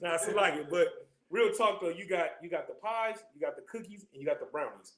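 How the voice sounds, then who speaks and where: Casting: high-voiced man, quick streetwise scripture class teacher, joking, echoey room. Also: fairly bright tone. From California. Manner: loose, joking, streetwise slang, constant check-ins with listeners. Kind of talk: casual scripture class talk.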